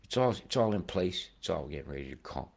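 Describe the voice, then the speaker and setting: A low-voiced man in his forties talks through weather maps in a loose, rambling way. He swears often, drops into mutters, then bursts out loudly. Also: lively intonation, fast talker, creaky. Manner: swears freely, swings from mumbling to loud outbursts. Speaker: weather video host. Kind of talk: rambling conspiracy weather commentary.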